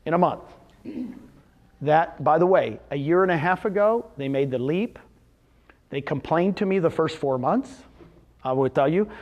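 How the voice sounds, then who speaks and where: A man giving a live seminar talk to real estate agents, telling success stories and firing questions at the audience. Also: a little high. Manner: animated, storytelling with quick questions to the audience. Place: meeting room with a live audience.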